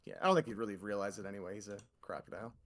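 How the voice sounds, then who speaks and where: A man's voice: fairly low pitch, steady tone, very fast, a bit bright. A man narrating a tabletop game as game master in a rambling, laid-back way.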